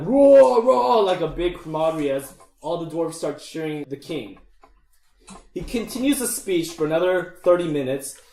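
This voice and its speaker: Man running a tabletop game in an echoey room. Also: fairly high pitch. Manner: relaxed, chatty, laughs easily. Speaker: game master.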